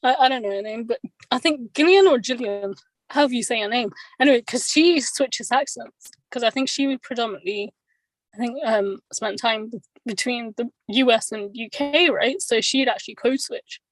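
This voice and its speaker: A woman's voice: a little high, moderate pace, no room sound, low-quality recording. A woman chatting casually, laughing often and filling her talk with "like" and "you know". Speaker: podcast guest. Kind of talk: casual chat.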